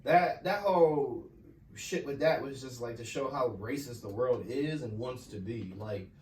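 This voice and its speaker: A man co-hosting a podcast in casual, profane chat, animated and often saying "you know what I'm saying". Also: mid-range voice, a little slow. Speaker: podcast co-host. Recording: echoey room, mic at a distance, faint noise.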